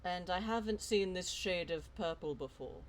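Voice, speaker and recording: A woman's voice: fairly low pitch, moderate pace. A woman playing a tabletop role-playing game, casually asking the game master rules questions. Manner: asks rules questions in a relaxed, matter-of-fact way. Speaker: player.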